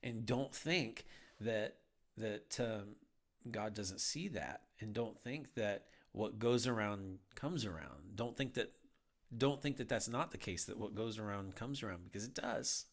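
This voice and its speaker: A man's voice: fairly low pitch, animated, a little slow. A man hosting a Bible podcast, talking in an earnest, heartfelt, urging way. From United States. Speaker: podcast host. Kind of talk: earnest Bible teaching talk.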